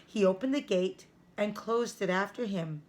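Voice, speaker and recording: A woman teacher reading a chapter book aloud to children, careful and clear. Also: mid-range voice, darkish tone. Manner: slow, careful read-aloud.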